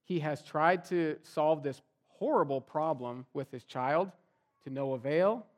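A pastor preaching his sermon in a relaxed, conversational way, slipping into the voices of everyday people as he makes his point. His voice sits a little higher than most men's and rises and falls a lot. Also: unhurried.

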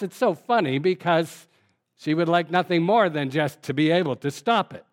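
An older man as a pastor giving a relaxed, conversational sermon, reading scripture and explaining it with frequent fillers. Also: on the high side, moderate pace.

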